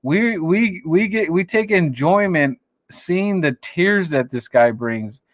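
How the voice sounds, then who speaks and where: A man's voice: high-pitched, lively intonation, takes it slowly, dry recording, studio quality. A man hosting a live call-in stream, chatting casually and greeting viewers in a rambling way. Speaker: host.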